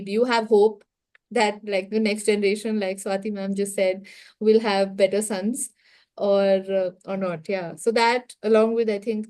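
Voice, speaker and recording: A woman moderating a book club discussion, thoughtful and measured. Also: medium pitch, mellow.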